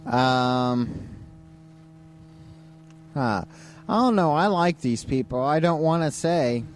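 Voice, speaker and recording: A man's voice: mid-range voice, animated, slow pace. A man co-hosting a late-night live stream, chatting casually and chuckling often, sounding tired. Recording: faint hum, compressed live stream.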